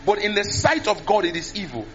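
A high-pitched man delivers a lively sermon into a handheld mic. He acts out prayers and repeats words for emphasis. The recording is dull and lo-fi, with faint music behind him. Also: brisk. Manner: animated, mimics tongues and prayers, repeats words. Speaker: preacher.

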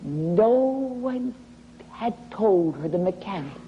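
A woman preacher delivering a sermon in a slow, dramatic way, often dropping into a whisper for effect. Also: medium pitch, animated, mellow. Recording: dull lo-fi recording with faint hiss.

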